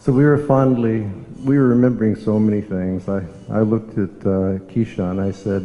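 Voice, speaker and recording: An older man from the States, telling reflective stories in a devotional memorial talk, unhurried and reminiscing. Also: lowish voice, fairly even intonation, warm tone. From Southern United States. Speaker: monk giving a memorial talk. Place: temple hall. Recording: echoey hall, dull lo-fi sound.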